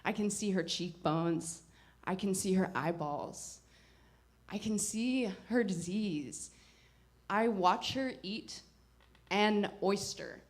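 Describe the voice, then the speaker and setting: A woman telling a personal story at a live performance, wry and reflective, with halting pauses. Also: mid-range voice. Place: live performance before an audience.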